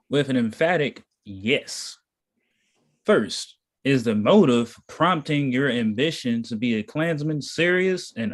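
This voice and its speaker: A man chatting casually and reading aloud, drawn-out and unhurried. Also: mid-range voice, husky.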